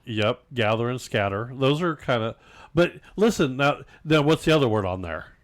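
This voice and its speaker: A man's voice: mid-range voice, animated, moderate pace. A man co-hosting a casual podcast, joking about fancy words and mocking pompous speech. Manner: jokey, mocks pompous speech. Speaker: podcast co-host. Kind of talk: casual chat.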